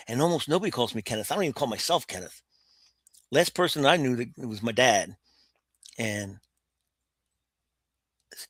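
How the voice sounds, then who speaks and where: A man's voice: mid-range voice, expressive, normal speed, pauses often, fairly bright tone, no echo. Older american guy telling war stories, blunt and rambling, dry close sound. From United States. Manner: vivid, blunt war storytelling with frequent restarts. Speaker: guest. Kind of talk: storytelling interview.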